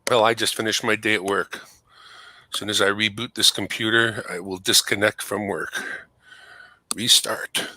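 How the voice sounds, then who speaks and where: A man with a bright, forceful voice that sits low for a man, talking casually from his home computer setup. He explains things at length in an easygoing, chatty way. The sound is dry and close. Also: little pitch movement, normal speed, no echo, poor audio. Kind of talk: casual chat.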